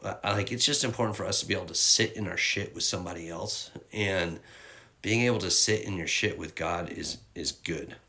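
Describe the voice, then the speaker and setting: Man, casual devotional talk: rambling, candid, bright tone, lowish pitch, tearful at times. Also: fairly quick. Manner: candid and rambling, with fillers and slang. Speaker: youth ministry leader.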